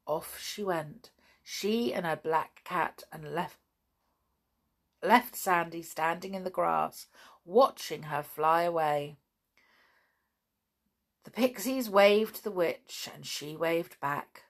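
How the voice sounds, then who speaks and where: A woman reading a children's story aloud with gentle, expressive delivery. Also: on the low side, slow pace, pauses often.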